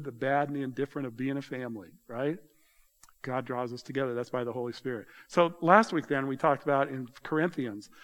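A male pastor delivering a sermon in a relaxed, conversational way, talking straight to his congregation. His voice sits a little higher than most men's. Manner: conversational, addresses congregation directly.

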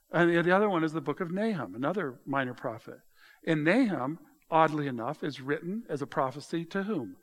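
A man preaching a sermon in a conversational, animated way, swinging from loud to quiet. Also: on the high side. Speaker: pastor.

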